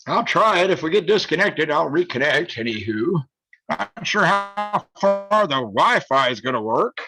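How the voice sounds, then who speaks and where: A man chatting casually on a video call, rambling and laughing, cursing and breaking into loud outbursts. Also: on the high side, big pitch swings, unhurried, over music, poor audio. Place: house and backyard. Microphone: phone or laptop on a video call.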